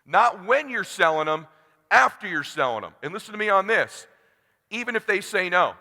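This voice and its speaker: A man in his forties giving a live keynote as a motivational speaker, talking bluntly and intensely and shouting to rouse the audience. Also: high-pitched, vocal fry. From California, USA. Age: 40s. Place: large conference hall. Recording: long hall reverb.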